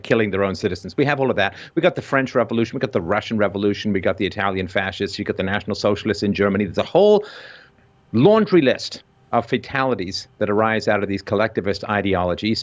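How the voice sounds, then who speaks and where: A man in an impassioned discussion, talking intensely and building to loud, emphatic peaks. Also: lowish voice. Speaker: guest commentator. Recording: dull lo-fi audio.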